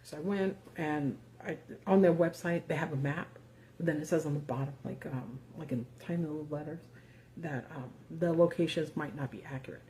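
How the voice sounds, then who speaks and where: A woman's voice: low-pitched, a little fast, mellow, slight background noise. A woman hosting a live video, talking casually and sarcastically with lots of fillers and the odd swear word. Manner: casual and profane, sarcastic asides, many fillers. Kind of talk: casual live-stream commentary.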